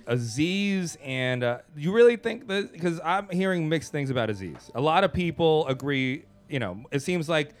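A man's voice: a little high, animated, moderate pace, few pauses. A man co-hosting a podcast in casual chat, joking and asking questions. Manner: joking, interviewer. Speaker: podcast co-host.

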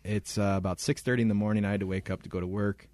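A young man co-hosting a podcast, telling a story in casual chat, animated and laughing often. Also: fairly low pitch, rapid-fire. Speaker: podcast co-host.

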